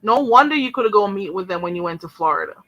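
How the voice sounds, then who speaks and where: A woman's voice: medium pitch, animated, fast, sharp tone, dull audio. A young woman hosting a live stream, talking to viewers in an indignant, sarcastic way with mocking mimicry. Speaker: channel host.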